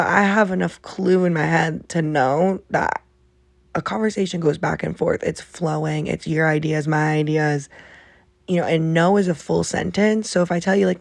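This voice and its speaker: A woman hosting her own podcast, telling stories in a rambling, animated way with frequent swearing, talking from under a blanket. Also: fairly low pitch, vocal fry, no room sound. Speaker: podcast host. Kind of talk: casual storytelling.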